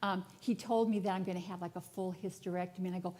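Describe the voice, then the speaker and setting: A woman's voice: mid-range voice, fairly quick, few pauses, background noise. Candid, chatty woman preaching. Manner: candid, chatty storytelling with humor. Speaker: spiritual director. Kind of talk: personal sermon talk. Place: church sanctuary before a congregation.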